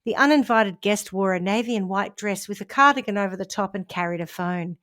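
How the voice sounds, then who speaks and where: A woman's voice: medium pitch, fairly quick, fairly bright tone. Woman reading a crime story. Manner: reads a news story with asides and laughs. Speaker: podcast co-host. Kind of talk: casual chat, reading a crime story aloud.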